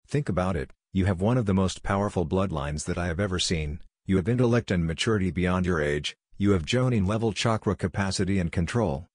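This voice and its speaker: An earnest, confident young ninja leader, as a man reads him in a storybook reading. The voice sits very low and sounds dry and close, with a kind, persuasive manner. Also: a little mellow, dry recording. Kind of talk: audiobook reading of fan fiction.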